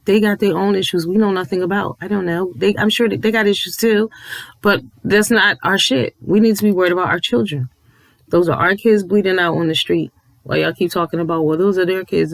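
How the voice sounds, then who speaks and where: A man's voice: high-pitched, steady tone, fairly quick, vocal fry, fairly bright tone, no echo, low-quality recording. A man ranting to viewers from home late at night, emphatic and preachy, cursing and repeating himself for effect. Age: adult with a child. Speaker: commentary vlogger.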